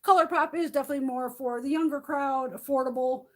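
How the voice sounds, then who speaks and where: A woman's voice: high voice, fairly even intonation, quick pace, darkish tone. A middle-aged woman chatting casually on a live stream from home, swearing freely and cooing at her cats. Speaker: beauty vlogger.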